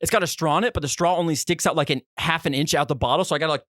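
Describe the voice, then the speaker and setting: A young man co-hosting a podcast, telling a story in a casual, animated way and acting out his own reactions. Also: racing, dry recording, clean studio sound. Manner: animated, re-enacts his own reactions with big pitch jumps. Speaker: podcast co-host.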